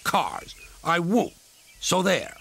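A man's voice: medium pitch, huge pitch swings, slow, slight background noise, voice pushed up, exaggerated voice. A man doing Sir Handel, a snooty grumbling engine. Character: haughty, bad-tempered male steam engine. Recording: loud music underneath.

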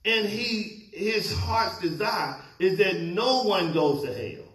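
A man's voice: sits high, expressive, takes it slowly, a bit bright. A male pastor preaching a sermon, questioning his congregation and waiting for answers. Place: church sanctuary. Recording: echoey church hall.

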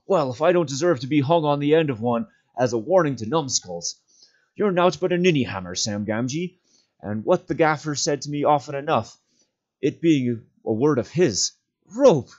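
A man doing a loyal, excitable hobbit servant. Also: medium pitch, moderate pace, close to an everyday voice. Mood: excited. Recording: dull lo-fi sound.

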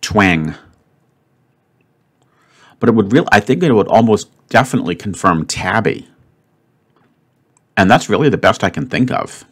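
Lowish-voiced guy rambling cheerfully thru a word puzzle, lots of ums. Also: animated, a little slow, long pauses, slightly rough. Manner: chatty, upbeat, thinking aloud with many fillers. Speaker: word puzzle video host. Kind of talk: casual commentary while solving a puzzle.

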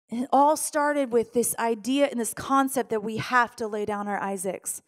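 A middle-aged woman pastor delivers an emotional sermon in a somewhat high voice. She tells a personal story and acts out her pleading prayers, her voice rising when she quotes herself. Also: normal speed, few pauses.

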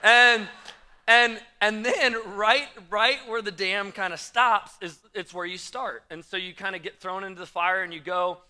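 A young man tells a story from a church stage in his twenties' voice, pitched high and very bright. His delivery is animated and self-mocking, tumbling over quick restarts. The sound is clean and smooth. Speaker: pastor. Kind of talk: storytelling sermon.

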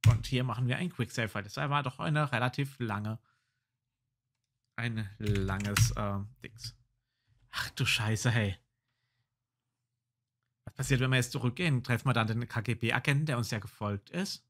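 A man's voice: mid-range voice, measured pace, pauses often, background noise. A man hosting a let's play, reading game text aloud and muttering casual reactions.

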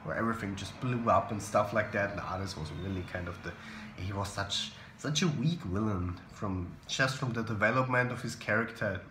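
رجل يتحدث بعفوية أمام الكاميرا في غرفة ذات صدى. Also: male voice, on the low side, moderate pace, noisy background. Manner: chatty, opinionated, self-deprecating. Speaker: vlogger. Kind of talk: casual vlog chat to camera. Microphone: camera mic. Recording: roomy echo.

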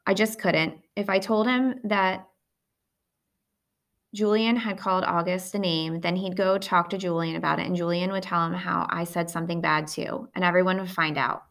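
Woman narrator for first-person fiction, steady and plain, low with vocal fry. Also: normal speed. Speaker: audiobook reader.

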